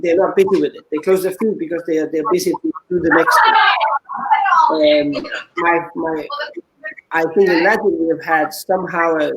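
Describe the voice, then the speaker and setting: Danish-accented male dance coach, fairly high voice, snappy then thoughtful in interview. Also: background noise. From Denmark. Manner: short snappy answers, reflective when he opens up. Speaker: dance coach and judge, guest. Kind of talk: casual interview.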